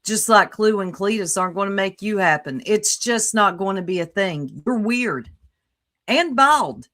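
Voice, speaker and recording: A woman co-hosts a livestream with a bright, forceful voice, giving blunt and sassy commentary. She swears freely and talks at an ordinary middle pitch. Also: moderate pace. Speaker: stream co-host.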